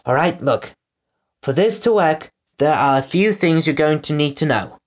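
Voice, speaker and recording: Bossy prim little girl lecturing, slow and lively, man doing her. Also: a little high, lightly acted. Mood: instructing.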